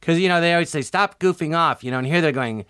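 A middle-aged male comedian, guesting on an interview, tells stories casually and animatedly, acting out the voices of people he quotes. His voice is on the high side, smooth and fast, captured in a dry, studio-quality recording.

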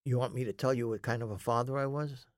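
A man's voice: medium pitch, steady tone, fast, dry recording. Man, interview guest, rambling emphatic storyteller, profane, dry close sound. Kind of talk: storytelling in a conversation.

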